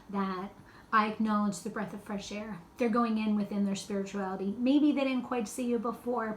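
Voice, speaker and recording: A woman giving a casual, rambling tarot card reading in a loose, spiritual way. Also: mid-range voice. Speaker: tarot reader. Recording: echoey room with faint background noise.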